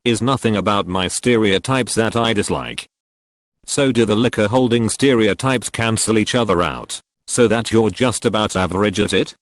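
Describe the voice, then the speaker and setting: A man narrating a series of online forum posts as scripted readings, in a lively, up-and-down delivery. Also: on the low side, dry recording.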